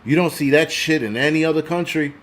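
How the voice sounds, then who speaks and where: A man's voice: fairly high pitch, a little fast, fairly bright tone. A man in his forties hosts a loose livestream, swearing freely and rambling as he answers viewer comments. His voice sits slightly above the usual male range. The tone stays blunt and unpolished throughout. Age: 40s. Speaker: host. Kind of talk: casual livestream rant.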